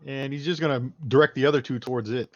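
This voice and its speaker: A man's voice: medium pitch, steady tone, fast talker, dry recording. Male tabletop player, loose and profane, dry dull sound. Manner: casual, swears freely. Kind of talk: playing a tabletop game. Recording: dry, slightly muffled online audio.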